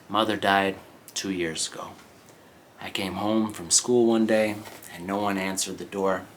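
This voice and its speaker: A low-voiced man reads a novel aloud for English learners and stops now and then to explain words. His delivery is slow and explanatory, with frequent check-ins. A faint hiss sits under the voice. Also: a bit bright. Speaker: English teacher.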